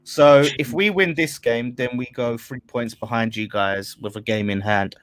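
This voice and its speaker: Young bloke on a podcast, mid voice, chatty and rambly. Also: male voice, medium pitch, moderate pace. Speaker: podcast guest, football fan. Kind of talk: casual chat.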